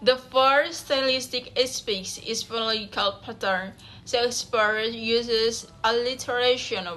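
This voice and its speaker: Young woman, student presenter, slow careful reading, bright clear voice. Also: fairly high pitch, slight background noise. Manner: careful, slow reading with slips and self-corrections.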